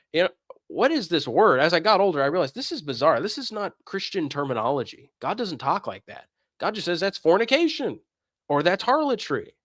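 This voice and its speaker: A man's voice: on the high side, fairly bright tone, dry recording, clean studio sound. A man giving impassioned religious commentary on a stream, combative and emphatic, firing off rhetorical questions.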